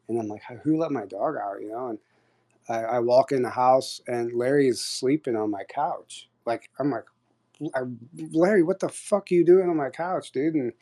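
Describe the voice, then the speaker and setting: A man in the middle of a long, casual story, his speech packed with "like" and quick restarts. His voice sits at an ordinary, middle pitch, and he tells it in an animated, rambling way. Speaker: guest storyteller on an audio chat.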